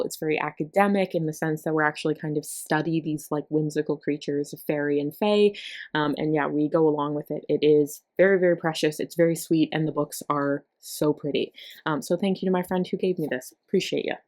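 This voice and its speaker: A woman's voice: sits low, darkish tone. A woman vlogger chatting casually about her book haul, gushing and rambling with little laughs.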